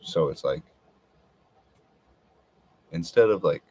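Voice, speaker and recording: Slow, very deep husky man. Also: animated. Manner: hesitant, rambling, full of filler words. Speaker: podcast host. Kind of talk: casual rambling monologue.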